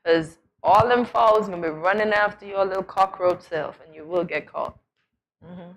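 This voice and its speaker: A woman's voice: on the low side, normal speed, slight background noise. A woman co-hosting a morning show, chatting playfully and laughing as she explains old sayings. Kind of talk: casual studio chat.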